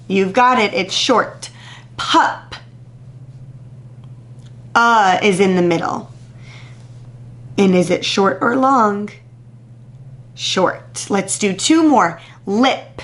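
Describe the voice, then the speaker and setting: Slow patient lady teacher doing phonics drills with kids, stretches every sound out. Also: medium pitch, a bit bright. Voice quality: crisp, exaggerated sounding-out of speech sounds. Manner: patient, drawn-out, encouraging praise after pauses. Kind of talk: slow, deliberate phonics lesson to young children.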